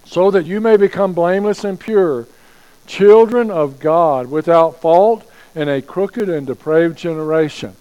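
Preaching man with slow, emphatic phrasing. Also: a little high, warm tone, clear, resonant tone, lo-fi sound. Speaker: pastor. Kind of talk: sermon.

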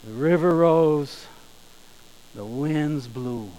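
A man preaching a sermon, emphatic, slowing down and rising in volume on key phrases. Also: a little high, warm tone, poor audio. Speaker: pastor.

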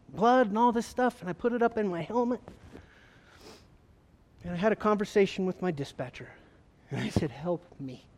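A man, a former state trooper, gives an emotional personal testimony to an audience, telling it earnestly with halting repeats. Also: sits high, a little mellow. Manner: earnest, halting storytelling with repetitions. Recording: long hall reverb.

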